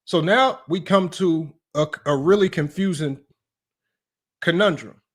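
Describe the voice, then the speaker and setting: Man, fairly high voice, live-stream sports commentary, emphatic, repetitive, argumentative, talks to his chat. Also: measured pace. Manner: emphatic and repetitive, often asks "right?" and addresses "y'all".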